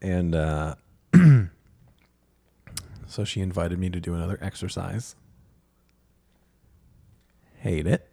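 A man's voice: sits low, fairly even intonation, takes it slowly, gravelly, pauses often, warm tone. A man co-hosting a podcast, telling a story in casual chat, wry and laughing often, swearing freely. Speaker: podcast co-host.

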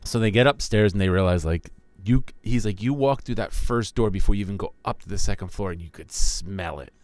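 A man's voice: fairly low pitch, brisk, darkish tone, no room sound. A man co-hosting a casual podcast, retelling a friend's story in a rambling way and chuckling often. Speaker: podcast co-host.

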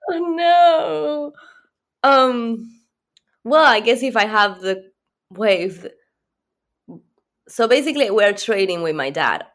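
A woman's voice: on the high side, expressive, slow, long pauses, fairly bright tone. Giggly woman guest thinking aloud. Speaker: podcast guest. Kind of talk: casual podcast chat.

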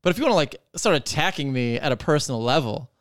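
A man hosts a podcast, ranting in casual chat with heavy swearing and plenty of filler words in an animated, rambling way. His voice is on the high side and fast, captured in a dry, clean studio recording.

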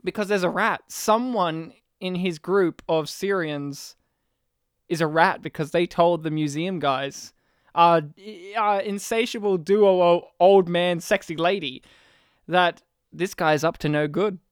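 Sweary Australian man, smooth dry voice. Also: sits high, a little slow, dry recording. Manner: animated, laughing, sweary storytelling. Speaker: podcast co-host. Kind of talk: casual movie-review chat.

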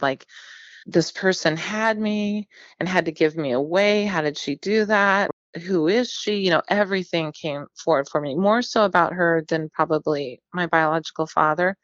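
Her voice low and the room silent, a fifties-aged woman from central California tells her life story as an interview guest. She comes across as chatty, frank, and self-deprecating, captured on dull, lo-fi audio.

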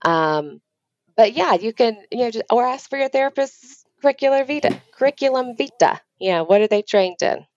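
A woman's voice: fairly high pitch, expressive, normal speed, a little mellow, dry recording, dull audio. A woman therapist giving explanatory advice over a video call, with frequent ums. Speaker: therapist guest. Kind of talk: remote interview conversation.

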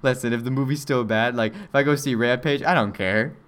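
A young man chatting casually, telling an animated, rambling story with many fillers and mimicking people in high voices. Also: fairly quick, clean tone. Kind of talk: casual chat.

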